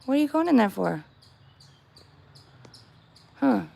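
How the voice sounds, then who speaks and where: High-voiced woman coaxing a stray cat. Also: big pitch swings, slow, vocal fry, warm tone. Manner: coaxing sing-song baby talk to a cat; chatty musing asides. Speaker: vlogger. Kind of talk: casual vlog, talking to a cat. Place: outdoors on a back porch.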